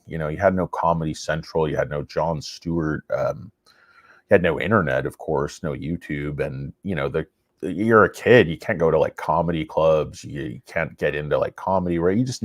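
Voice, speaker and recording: A man hosting a stock investing channel, giving casual, rambling market commentary in an excitable, self-mocking way. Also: very deep voice, moderate pace, no room sound, studio quality.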